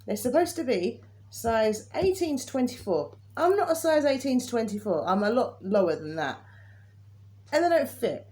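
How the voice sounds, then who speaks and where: A woman's voice: on the high side, very animated, moderate pace, a little mellow. A woman, co-hosting a casual chat and ranting in an exasperated, chatty way. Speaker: podcast co-host. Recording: faint background noise.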